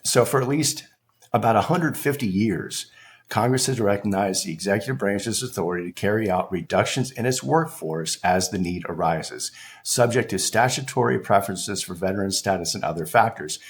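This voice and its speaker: A man's voice: lowish voice, moderate pace. A man hosting a casual political commentary, walking through a court filing in a conversational, explanatory way. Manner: conversational and explanatory, restarts and filler phrases.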